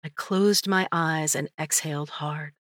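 A woman narrating a first-person audiobook in a measured, introspective way. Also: sits low, fairly even intonation, fairly bright tone, dry recording, studio quality.

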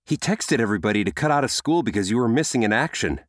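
A man's voice: medium pitch, lively intonation, fast talker, dry recording, clean studio sound, natural voice. A male narrator voicing an eager, earnest teenage boy in an audiobook. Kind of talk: audiobook character voice.

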